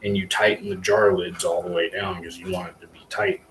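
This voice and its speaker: Rambling low-voiced man on a livestream. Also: level tone, a little fast, a bit bright. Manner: rambling, loose, filler-heavy, curses casually. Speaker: livestream host, hobby mushroom grower. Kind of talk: casual live-stream chat and how-to. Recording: echoey room with faint ambient hum.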